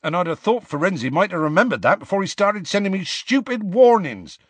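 A man voicing a gruff, rough-spoken giant gamekeeper who talks in clipped, grumbling country phrases. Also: medium pitch, sing-song, moderate pace, fairly bright tone, no echo.

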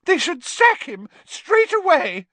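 Shrill, tearful, haughty schoolgirl, voiced by a man. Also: big pitch swings, normal speed, sharp tone, dry recording, full character voice. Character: tearful haughty teenage girl.

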